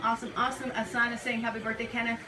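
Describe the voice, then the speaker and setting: A woman's voice: on the high side, level tone, rapid-fire. A woman hosting a casual live cooking demo, chatty and full of fillers, talking to viewers as you guys. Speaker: cooking show host. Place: kitchen counter. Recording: clattering kitchen dish noise. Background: cutlery and pot clatter.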